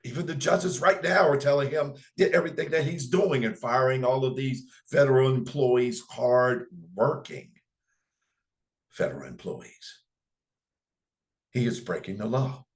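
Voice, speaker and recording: A middle-aged man hosts his own commentary show, talking slowly and deliberately. His voice sits at an ordinary male pitch, pressing each point home with emphatic repetition and impassioned conviction. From United States. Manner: slow, deliberate delivery. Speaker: host. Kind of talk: political commentary broadcast.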